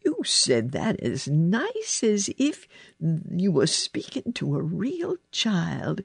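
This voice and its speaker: A gruff old gardener in a storybook, stern and plain-spoken, his words drawn out slowly, as a woman reads him. The voice has a gravelly, husky edge and sounds close and dry. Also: fairly low pitch, huge pitch swings, no room sound, exaggerated voice. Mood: kindly. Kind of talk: storybook reading.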